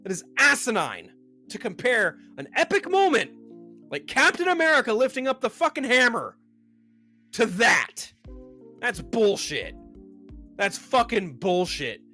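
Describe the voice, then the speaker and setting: A man's voice: high-pitched, bright, forceful tone. A man hosting a commentary show, ranting heatedly and swearing often.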